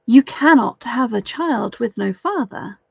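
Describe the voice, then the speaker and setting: Woman doing a gallant young fairy-captive man, slow, gravelly, courtly storybook hero, dull dry recording. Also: fairly high pitch, no room sound, exaggerated voice. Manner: gallant and flattering. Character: young mortal man held by fairies, charming and courtly.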